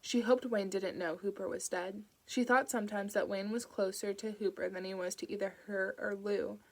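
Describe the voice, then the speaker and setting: A woman's voice: medium pitch, fairly even intonation, normal speed. A woman narrating a novel aloud for her audiobook channel, reading evenly. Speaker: audiobook reader.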